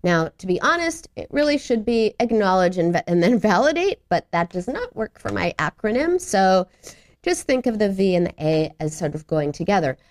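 Middle-aged lady in a studio talking through feelings stuff, voice bounces all over, pops into little character voices for quotes. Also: normal speed. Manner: acts out little voices and quotes with lively pitch jumps. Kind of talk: advice talk on self-compassion.

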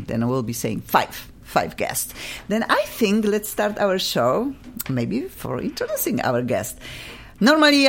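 Polish-accented radio host, middle-aged woman, gushing and chatty, low voice, very lively pitch. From Poland. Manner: effusive, laughs often, restarts sentences. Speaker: radio talk show host.

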